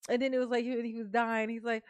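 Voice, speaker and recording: A woman's voice: fairly high pitch, flat delivery, quick pace, smooth, no room sound. A woman hosting a reaction video, chatting casually and animatedly, laughing often and swearing freely.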